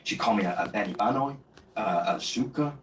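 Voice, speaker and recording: A man's voice: lowish voice, lively intonation, fairly quick. A man telling a rambling mock testimonial, filling gaps with "you know what I mean". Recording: echoey distant clip with faint noise.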